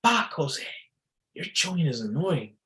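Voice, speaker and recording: A man's voice: a little high, very animated, unhurried, fairly bright tone, voice pushed up. A man mimicking a snappy irritated girlfriend.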